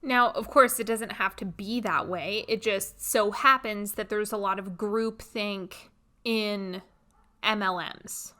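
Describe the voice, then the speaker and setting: A woman hosting a podcast, telling a personal story in a blunt, expressive, animated way. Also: mid-range voice, slow pace. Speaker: podcast host. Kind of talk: casual storytelling monologue.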